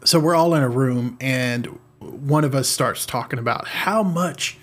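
A man with a slightly husky voice talks through a point in loose, rambling podcast chat. He circles back and repeats himself as he goes. Soft music sits faintly in the background. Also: mid-range voice, measured pace, few pauses. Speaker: podcast co-host. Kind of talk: casual chat.

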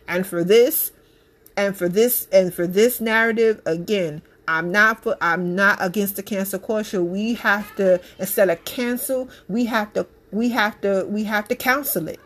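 A woman's voice: mid-range voice, unhurried, a bit bright. A woman, a mother, giving her opinion in a casual monologue, emphatic and blunt, repeating her points with passion. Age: adult parent.

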